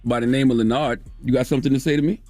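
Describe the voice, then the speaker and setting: A man's voice: mid-range voice, steady tone, rapid-fire, dark tone, dry recording, soft background music. A man co-hosting a morning radio show, joking and bantering with callers in the studio. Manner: joking, bantering, self-deprecating. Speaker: radio co-host. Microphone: studio microphone.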